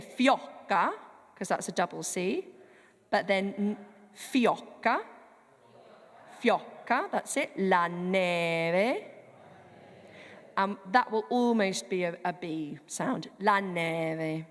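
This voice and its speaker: Choir director, woman, chatty, spells out pronunciation by demonstrating, long church reverb. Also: fairly low pitch. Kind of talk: rehearsal coaching.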